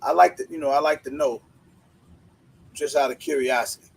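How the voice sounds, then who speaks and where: Man, livestream host, gravelly voice, husky, slangy shout-outs. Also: a little high, normal speed, poor audio. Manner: greets viewers by name, laid-back slang. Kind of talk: casual livestream chat.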